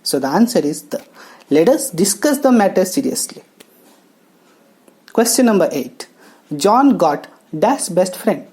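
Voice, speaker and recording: A woman teaching English grammar, talking slowly and explaining each step with pauses. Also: mid-range voice, big pitch swings, a little mellow. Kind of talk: classroom lesson narration. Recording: faint background music.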